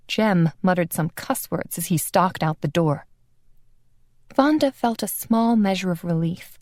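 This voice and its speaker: Woman reading an audiobook, slow and even, super dry close sound. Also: lowish voice, no room sound. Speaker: audiobook narrator. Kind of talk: scripted narration.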